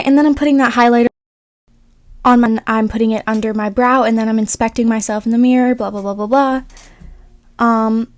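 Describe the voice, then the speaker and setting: A woman's voice: on the high side, darkish tone, no room sound. A young woman chatting through a makeup tutorial voice-over, rambling and self-mocking, full of "like" and "um". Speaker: beauty vlogger. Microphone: voice-over recorded separately.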